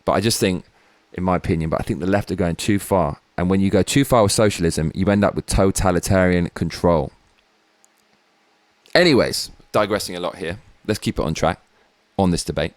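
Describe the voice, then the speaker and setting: A man's voice: sits low, brisk, no echo. A British man hosting his own show, giving blunt, sweary political commentary with rambling asides. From Britain. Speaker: show host.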